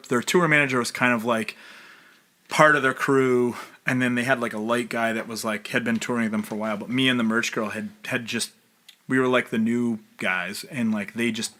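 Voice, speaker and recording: A man's voice: mid-range voice, fairly even intonation, moderate pace, sharp tone. A man on a casual podcast telling long stories, full of fillers and swearing. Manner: rambling storyteller, many fillers, swearing. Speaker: podcast co-host. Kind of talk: casual chat.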